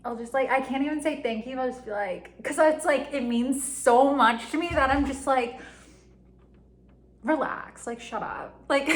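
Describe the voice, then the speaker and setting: A woman's voice: high-pitched, moderate pace. Rambling young woman, echoey room. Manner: rambling, heavy use of "like", frequent giggles. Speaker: vlogger. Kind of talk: casual confessional monologue. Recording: echoey room with faint ambient noise.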